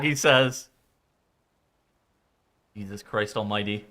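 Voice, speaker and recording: Animated, bright-voiced streamer guy. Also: mid-range voice, a little slow. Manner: profane, rambling, laughs often. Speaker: game streamer. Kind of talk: casual chat on a stream.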